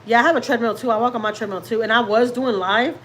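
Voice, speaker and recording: A woman's voice: on the high side, fast talker, a little hiss or hum, low-quality recording. A woman chatting casually with viewers on a livestream from home, rambling and teasing herself as she reads their comments. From Houston, Texas. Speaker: family vlogger hosting a livestream. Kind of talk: casual livestream chat, reading comments aloud.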